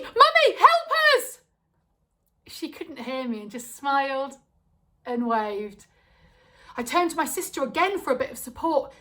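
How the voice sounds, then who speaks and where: Young woman storyteller, lively comic delivery, slightly high voice. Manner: lively, acts out quoted voices.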